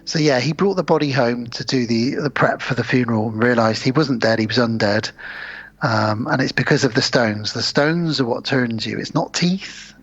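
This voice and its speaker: Man, podcast co-host, husky voice, lively film recap, dull lo-fi audio. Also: mid-range voice, normal speed. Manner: animated retelling, acts out characters' lines. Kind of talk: casual film recap chat.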